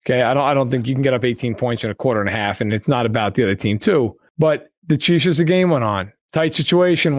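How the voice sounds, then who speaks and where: A man's voice: mid-range voice, dry recording, studio quality. A man co-hosting a sports podcast, breaking down a game in an emphatic, heated way. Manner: emphatic, building to outbursts. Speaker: podcast co-host.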